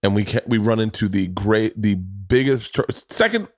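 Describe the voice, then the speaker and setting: A man's voice: lowish voice, normal speed, no room sound, clean studio sound. A man in his forties hosting a podcast, telling rambling, self-deprecating stories full of restarts. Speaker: podcast host. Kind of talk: casual podcast conversation.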